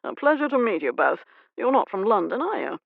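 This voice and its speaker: A woman's voice: fairly high pitch, big pitch swings, a little fast, creaky, no room sound, narrow, tinny audio, voice pushed up, full character voice. Woman voicing a suave, predatory earl. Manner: suave, genteel, quipping. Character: smooth, predatory aristocratic earl, man.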